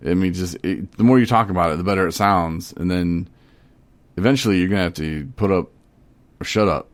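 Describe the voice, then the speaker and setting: A man's voice: low voice, a little fast, dry recording. A man hosting a podcast, telling stories in a rambling, laid-back, casual way. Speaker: podcast host.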